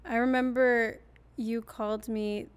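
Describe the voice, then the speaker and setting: A woman's voice: on the high side, level tone, measured pace, clean tone. A young woman hosting a casual podcast, telling a story in a chatty way and acting out what others said. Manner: chatty storyteller, acts out quoted voices. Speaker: podcast host.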